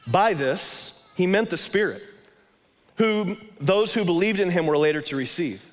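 A man's voice: high-pitched, expressive, measured pace, long reverb tail. A man preaching a sermon, talking casually and with emphasis and repeating his phrases. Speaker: pastor.

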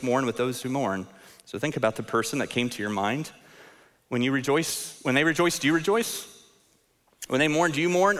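A man in his thirties delivers a sermon in a relaxed, conversational way, poking fun at himself and often doubling words as he restarts a thought. His voice sits in a middle pitch. A long reverb trails behind him, as in a large church sanctuary. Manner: conversational, self-deprecating, repeats words when restarting. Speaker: pastor.

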